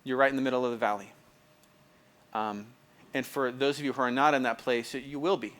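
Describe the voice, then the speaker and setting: A man's voice: medium pitch, steady tone, brisk, fairly bright tone. Male pastor, mid-range voice, talky sermon style, stumbles and restarts, checks in with the crowd. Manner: conversational, repeats phrases, asks the audience if it makes sense; restarts and stumbles often, fills with "like".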